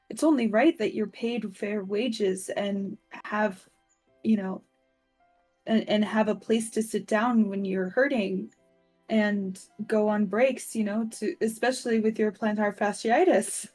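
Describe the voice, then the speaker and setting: A woman's voice: mid-range voice, fairly even intonation, takes it slowly, a little mellow, faint music behind. A woman player chats casually during a tabletop game. Her tone is earnest and encouraging, and her voice sits in the middle of the range. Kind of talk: casual role-play chat.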